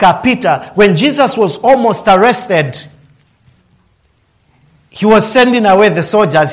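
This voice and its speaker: A man preaching a sermon, swinging his voice up and down for emphasis, acting out quotes and laughing now and then. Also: high-pitched. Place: office worker.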